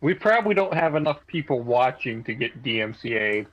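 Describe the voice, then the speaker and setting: A man's voice: medium pitch, very animated, brisk, dull audio. A man playing a tabletop game, describing his character's actions and arguing points at length. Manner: rambling, argumentative. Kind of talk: casual play and banter.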